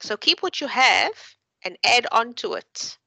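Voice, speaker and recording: A woman's voice: on the high side, sing-song, gravelly, pushed and bright, dry recording, rough recording. A woman tutor giving patient, encouraging feedback to students in an online class. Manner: encouraging, patient, explains slowly. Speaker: university tutor.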